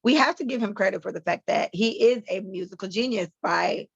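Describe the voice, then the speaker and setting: Gravelly, blunt-talking woman podcaster. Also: mid-range voice, brisk, no echo. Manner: blunt, profane, animated storytelling. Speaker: podcast co-host. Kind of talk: casual commentary. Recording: slightly muffled dry podcast mic.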